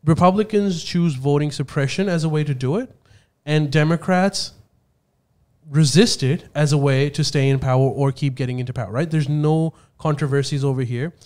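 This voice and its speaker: A man explaining a political issue on a podcast, stopping and restarting with plenty of fillers as he works through his points. His voice sits a little on the high side. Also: moderate pace, darkish tone. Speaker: podcast co-host.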